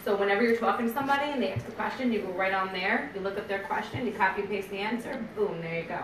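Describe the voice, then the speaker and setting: A woman's voice: mid-range voice, rapid-fire. An upbeat woman chats through a training session for a small group. She sits well back from the mic in a roomy, echoing space. A faint hiss stays in the background. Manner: chatty and upbeat, laughs often, acts out store chats. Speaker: team trainer. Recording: echoey room from a distance, faint background noise.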